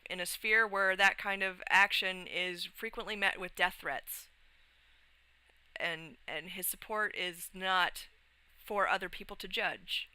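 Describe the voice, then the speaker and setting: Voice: medium pitch, sharp tone, clear, resonant tone, no room sound, low-quality recording. A young adult livestreamer chatting casually and rambling, with frequent restarts, swearing and laughs. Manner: laughs often while talking.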